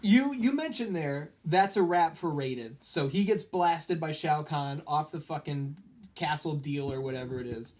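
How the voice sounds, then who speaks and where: A man co-hosting a casual movie review podcast, telling stories with animated energy and laughing often. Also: on the high side, moderate pace. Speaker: podcast co-host.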